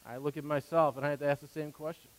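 Speaking fast in a high, level voice, a pastor preaches from the pulpit of a church sanctuary. He comes across as earnest and conversational, with rising emphasis and asides, heard through a long hall reverb.

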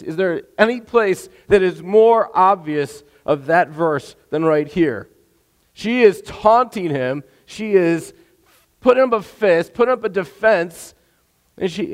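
A fairly high-voiced man preaches in a casual, animated way, often tossing a "right?" to his listeners. His voice rings with a long reverb from a large hall. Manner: animated, conversational, asks the hearers "right?". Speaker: pastor. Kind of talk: sermon.

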